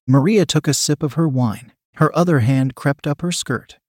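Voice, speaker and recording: At a steady, measured pace, a man with a middle-pitched voice narrates an adult story in the first person. The recording is close and dry, with no room echo.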